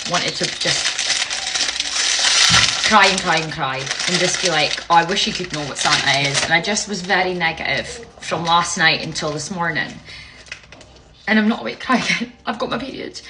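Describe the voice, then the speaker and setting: Music plays behind a young mother who speaks in a low voice amid background noise, talking openly to camera. Her emotional vlog is blunt and full of free swearing, with frequent "right?" check-ins.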